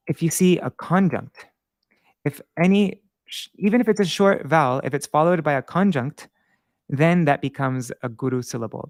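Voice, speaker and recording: A man teaching Sanskrit verse meter in a casual live-streamed lesson, patient and halting, thinking aloud and chanting syllable patterns slowly. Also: mid-range voice, vocal fry, dry recording, clean studio sound.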